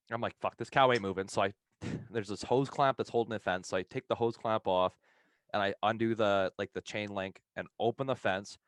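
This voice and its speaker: Low-voiced man telling a profane story. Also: no room sound, clean studio sound. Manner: profane, rambling, laughs through his story. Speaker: podcast co-host telling a story. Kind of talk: casual podcast storytelling.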